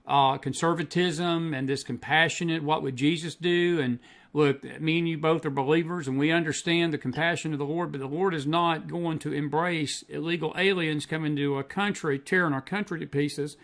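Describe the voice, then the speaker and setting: A man's voice: a little high, fairly even intonation, normal speed, a bit bright. A man hosting a talk show, speaking in an emphatic and cynical way. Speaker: host. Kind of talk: casual political talk.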